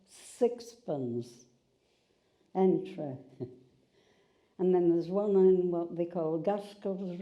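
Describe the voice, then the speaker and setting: A woman's voice: on the low side, mellow. An older woman, chattily telling stories from her past in an oral history interview. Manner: chatty storyteller, repeats and restarts. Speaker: interviewee recalling wartime. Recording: slightly dull sound.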